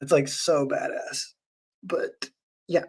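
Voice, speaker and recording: A man streaming and chatting casually with viewers, rambling with lots of fillers and animated retellings. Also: on the high side, slow pace, slightly rough. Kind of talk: casual livestream chat.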